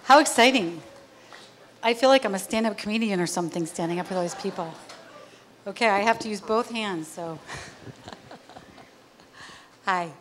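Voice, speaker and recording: A woman's voice: medium pitch, moderate pace, long pauses, background noise. A woman speaking on a theater stage, giving a motivational talk and acting out little scenes as she goes. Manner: lively, acts out little scenes.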